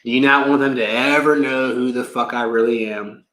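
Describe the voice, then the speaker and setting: Man, card reader, rambling and emotional, heavy swearing, bright tone, echoey room. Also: mid-range voice, fairly even intonation, moderate pace. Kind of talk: casual livestream rant and card reading.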